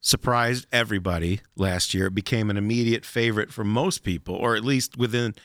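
A young man with a Midwestern accent co-hosting a casual chat show, animated and fond of reading descriptions dramatically. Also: fairly low pitch, a little fast, no echo, studio quality. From Chicago area. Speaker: podcast co-host.

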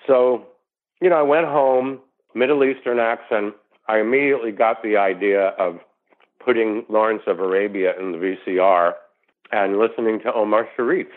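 A man's voice: on the low side, moderate pace. A man from New York, an actor guest on an interview, telling stories and acting out the quoted voices. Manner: animated storyteller who acts out quotes. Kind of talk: casual storytelling interview. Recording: tinny phone-line sound.

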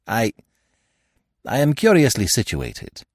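A man's voice: mid-range voice, huge pitch swings, slow pace, darkish tone, dry recording, studio quality, exaggerated voice. A man doing a stammering, flustered middle-aged man. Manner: stammering, hoarse, hasty.

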